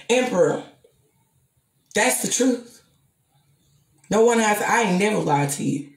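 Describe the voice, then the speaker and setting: A woman's voice: medium pitch, expressive, unhurried, gravelly, pauses often, reverberant. A woman in a confrontational, profane vlog rant, taunting a rival and addressing her viewers. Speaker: vlogger.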